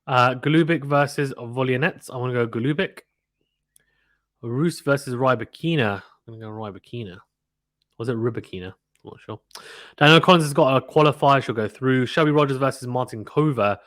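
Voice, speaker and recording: A man's voice: mid-range voice, brisk, fairly bright tone, no echo, studio quality. A man hosting a tennis channel, casually going through a draw and making predictions in an offhand, self-deprecating way, thinking aloud.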